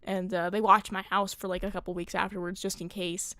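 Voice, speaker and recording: A woman's voice: mid-range voice, flat delivery, a little fast, pushed and bright, no echo, clean studio sound. A young woman streaming, telling a rambling story in casual chat, full of fillers and swearing.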